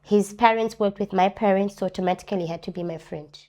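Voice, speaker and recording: A woman speaks as an interview guest, sharing her personal story with earnest conviction. She repeats important phrases for emphasis and voices other people's words in animated tones. Her pitch sits in the middle range and she talks quickly.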